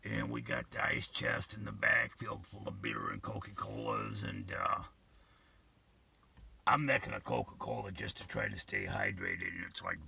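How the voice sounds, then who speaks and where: A man's voice: on the low side, huge pitch swings, normal speed, gravelly, bright, forceful tone, breathy edge. An older man telling a vivid, profane personal story in an earnest way.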